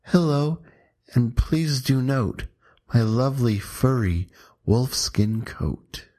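A man voicing a cheeky little girl in a red hood, raising his voice high and sweet for a comic poem reading. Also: animated, dark tone. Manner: high and sweet, slow and sing-song.

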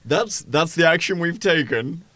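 A man playing a tabletop game, casual and quick to laugh. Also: fairly high pitch, animated, pushed and bright, no echo. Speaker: player. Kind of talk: casual chat.

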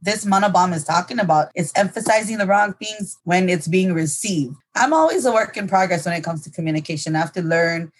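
An older woman and grandmother, telling stories in a casual chat in an amused way, with lively quoted voices. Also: on the low side, fairly quick, hardly any pauses, breathy edge.

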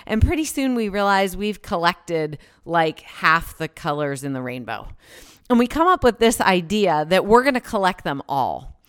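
A woman in her thirties giving a sermon-style Bible teaching, telling a story with lively swings between excitement and hushed moments. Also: fairly low pitch, clear, resonant tone.

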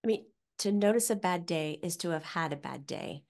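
A woman guest on a podcast, a psychic medium, chatting casually in an animated, teaching way. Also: fairly low pitch, moderate pace. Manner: animated, teaching tone, acts out quoted voices.

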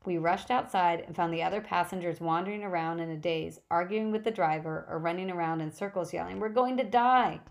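A woman reading an adventure novel aloud as an audiobook narrator, with a lowish voice. Her first-person telling is brisk and lively. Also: vocal fry.

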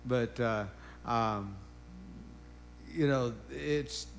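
A man's voice: medium pitch, vocal fry, slight background noise. A man preaching a sermon, emphatic and repetitive, breaking in with praise interjections. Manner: emphatic, drawn-out preaching with repeated phrases and interjections.

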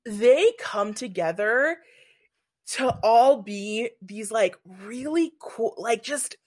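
A woman's voice: on the high side, expressive, slow pace. Woman, casual film chat; eager, rambling, freely profane. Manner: enthusiastic, rambling, swears casually.

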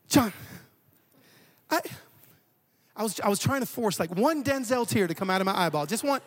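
A man preaching a sermon, an animated storyteller who often repeats words. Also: high-pitched, moderate pace, long pauses. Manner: animated, repeats words while telling stories. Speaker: pastor.

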